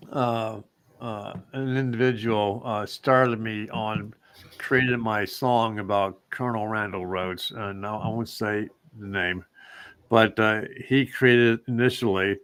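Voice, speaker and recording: A man's voice: fairly low pitch, a bit bright, clear, resonant tone, no room sound. A man co-hosting a casual chat show, talking in a rambling, meandering way. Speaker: co-host.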